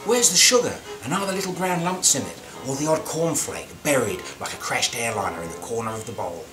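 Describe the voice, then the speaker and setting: A man with an Australian accent delivering a scripted comic monologue in a wry, mock-grand deadpan manner. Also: medium pitch, a little fast, rough recording. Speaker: comic narrator. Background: music.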